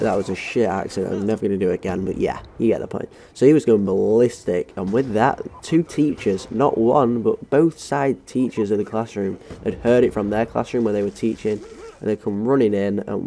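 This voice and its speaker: A man's voice: fairly low pitch, fairly quick, gravelly, hardly any pauses, warm tone, a little hiss or hum. A young man with an English accent telling a rambling, sweary story time while playing a game. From England. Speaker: gaming channel host. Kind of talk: story time over gameplay.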